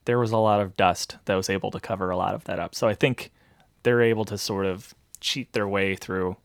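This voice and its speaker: A man's voice: lowish voice, brisk, no echo. Dry-sounding man hosting a podcast. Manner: thoughtful, hesitant restarts, steady explaining. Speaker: podcast host. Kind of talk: casual podcast chat.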